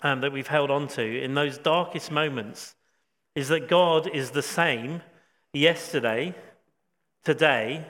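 A man preaching a sermon, reflective, with frequent pauses and restatements. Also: fairly high pitch, a bit bright. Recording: long hall reverb.

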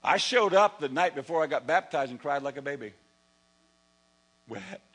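A pastor preaching with a lively, swinging delivery and a slightly higher voice. His tone is bright and a bit husky. He acts out his own past self as he tells the story, and a low electrical hum runs behind him. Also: normal speed, low-quality recording. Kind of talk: sermon.

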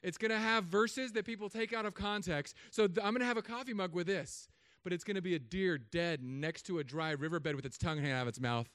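A man in his thirties from Southern California, a pastor giving a humorous sermon with animated storytelling and put-on voices. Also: sits high, fast talker, no echo, clean studio sound.

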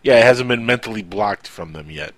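A male host asking thoughtful questions, pausing with fillers. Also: on the low side, animated, no echo. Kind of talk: interview chat.

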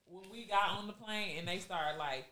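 A woman telling a story in casual group chat, animated, dropping low for quoted asides and bursting out loud and laughing. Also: normal speed.

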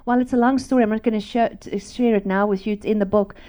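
A woman giving an emotional Christian testimony, repeating words for emphasis and often dropping to a hushed whisper. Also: mid-range voice, fairly even intonation, quick pace. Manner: drops to hushed whispers, then rises to emphatic repetition.

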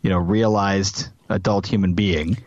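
A man's voice: low voice, fairly even intonation, unhurried, a little mellow, no echo, highs cut off. A middle-aged man co-hosting a casual podcast, playful and wry, spinning extended jokey metaphors. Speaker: podcast co-host. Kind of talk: casual chat.

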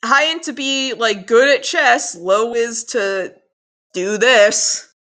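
A woman co-hosting a podcast, chatting casually about an episode, animated and swearing freely. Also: on the high side, slow. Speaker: podcast co-host. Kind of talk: casual recap chat.

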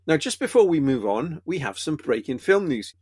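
A man's voice: a little high, normal speed, slightly rough, no room sound. A man hosting a casual film review podcast, telling dry jokes between reviews. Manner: dry joke-telling, lively delivery.

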